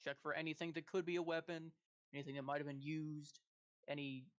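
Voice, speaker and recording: A man plays a tabletop game online, laid-back and plain-spoken. His voice sits a little high. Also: flat delivery, brisk, lo-fi sound. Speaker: player. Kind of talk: casual game chat.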